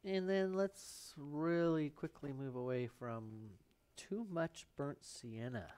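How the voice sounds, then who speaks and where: A slightly high, smooth and somewhat mellow male voice takes its time here. He's hosting a live painting show in a studio, rambling, talking to himself as he paints and dropping in joking asides.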